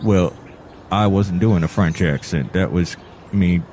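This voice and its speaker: A man voicing a grumpy, disgruntled male fiddle player with a deep, huffy voice. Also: sing-song, unhurried, bright, forceful tone, a little hiss or hum, heavily acted.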